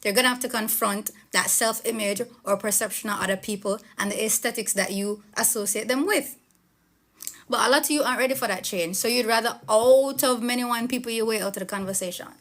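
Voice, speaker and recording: A woman's voice: on the high side, fairly quick, a bit bright. A woman giving an opinion monologue to camera, direct and lecturing, challenging the viewer.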